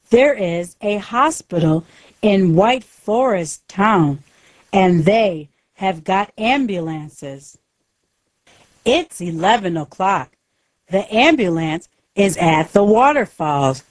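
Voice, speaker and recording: A woman narrates a simple story aloud in a careful, deliberate reading. Her pace is very slow and her pitch moves lively up and down. The sound is dry and close. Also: dry recording.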